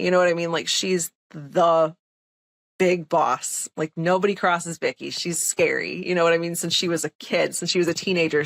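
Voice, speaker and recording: There's vocal fry in this young woman's fairly low voice, and the recording has no echo. A nurse and podcast guest, she shares a personal story in a relaxed interview, talking chattily and with emphasis while leaning heavily on "like" and "um."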